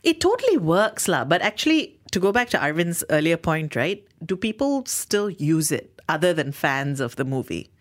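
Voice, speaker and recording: A woman's voice: on the low side, big pitch swings, moderate pace, few pauses. A woman making dry, teasing remarks in a casual chat. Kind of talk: casual chat show banter.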